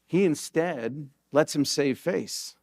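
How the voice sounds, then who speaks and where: Guy pastor preaching, kinda high voice, chatty storytelling that jumps up loud on the big points. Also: slow pace, vocal fry. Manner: conversational storytelling with sudden emphatic rises. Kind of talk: sermon. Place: church sanctuary.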